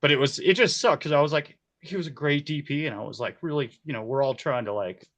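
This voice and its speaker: A man's voice: on the high side, fast. Man in his forties telling set stories. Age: 40s. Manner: animated, laughs often, acts out quoted voices. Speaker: key grip, interview guest. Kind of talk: casual storytelling.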